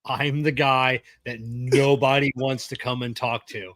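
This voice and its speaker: A middle-aged man co-hosting a podcast, talking casually and gruffly with plenty of swearing, close to the mic. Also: mid-range voice, flat delivery, measured pace, fairly bright tone, no echo. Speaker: podcast co-host. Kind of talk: casual chat.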